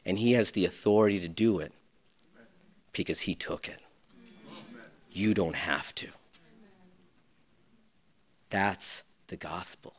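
A man preaching a sermon, swinging between loud, urgent passages and hushed, near-whispered ones. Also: low voice, slow pace, pauses often. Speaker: pastor.

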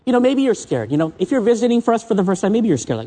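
A man with a husky, breathy voice delivers a sermon, telling personal stories with open feeling. He jumps from bright, excited peaks down to quiet, almost whispered moments. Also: very fast. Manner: emotional, swinging between excited highs and soft low asides. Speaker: visiting preacher. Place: church.

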